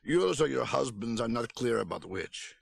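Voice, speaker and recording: A man's voice: mid-range voice, expressive, normal speed, creaky, breathy edge, no echo, clean studio sound, exaggerated voice. A man doing an unbothered old man with an accent. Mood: matter-of-fact. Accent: unnamed foreign accent. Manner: blunt, matter-of-fact, unbothered. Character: very old male relative with an old-country accent.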